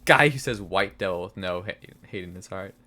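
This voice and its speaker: Bright-voiced joking male streamer. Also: deep voice, fairly quick, poor audio. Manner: joking, mock-outraged banter with chat; mutters to himself while playing. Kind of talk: casual live game stream talk.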